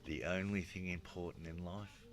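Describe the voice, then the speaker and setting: This is a man with a strikingly deep, low voice, telling a rambling story in relaxed conversation. He acts out the lines of the people in it and keeps saying "you know". A faint bed of music plays behind him. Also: moderate pace. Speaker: guest storyteller. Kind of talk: casual storytelling chat.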